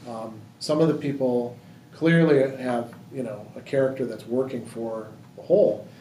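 A man's voice: mid-range voice, moderate pace, dark tone. A man leading a book discussion in a library room, thinking aloud with many fillers and restarts. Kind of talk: casual discussion. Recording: roomy hall, distant mic, faint noise.

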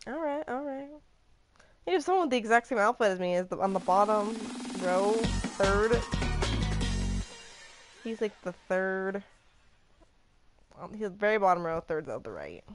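A young woman streaming live, excitedly talking to herself and her chat as she plays. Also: mid-range voice, measured pace, pauses often. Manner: excitable, talks to herself and chat while playing. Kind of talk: live gameplay commentary. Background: game music.

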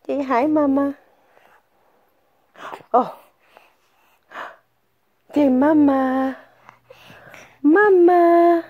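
A middle-aged grandmother in slow, soft, sing-song baby talk, coaxing an infant. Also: high-pitched, dull audio.

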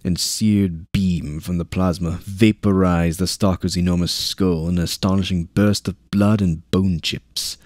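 A man reading a war novel aloud as narrator, with steady narration and shouted dialogue lines. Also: deep voice, a little slow, hardly any pauses, dry recording, clean studio sound. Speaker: audiobook narrator.

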